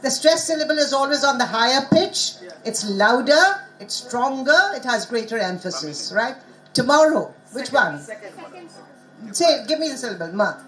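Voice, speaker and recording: A woman's voice: a little high, animated, a bit bright, faint music behind, rough recording. Woman drilling word stress. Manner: coaxing, drills audience with quick prompts. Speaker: conference speaker teaching pronunciation. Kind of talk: interactive pronunciation lesson. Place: conference hall.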